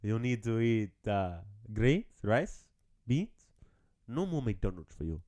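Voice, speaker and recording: A man's voice: on the low side, sing-song, takes it slowly, mellow, pitched below the performer's own voice. A man doing a stern lecturing doctor. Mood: scolding. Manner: lecturing, scolding. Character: stern older male nutritionist doctor.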